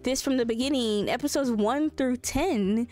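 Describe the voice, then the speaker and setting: A young woman hosts a life sim let's play in a quick, chatty way. She swears casually and narrates what she sees. Her voice sits a little high for a woman. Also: dark tone. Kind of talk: casual game commentary.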